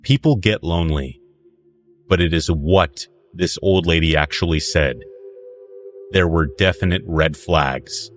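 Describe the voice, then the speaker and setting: Very deep voiced guy telling a creepy story slow and low-key, faint music under it. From northern New Mexico. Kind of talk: calm scripted horror narration.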